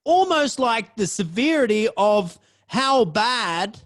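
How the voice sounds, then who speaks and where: Male host spinning a dramatic story with swearing, a higher voice that swings all over. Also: sing-song, slow, a bit bright. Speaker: podcast host. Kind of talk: personal storytelling.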